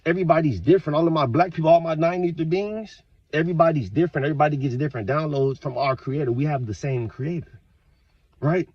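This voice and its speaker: A man talking straight to his viewers in a casual, profane, rambling rant, with sudden loud outbursts. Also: fairly high pitch, fast, breathy edge, no echo, lo-fi sound. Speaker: vlogger. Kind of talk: casual monologue to camera.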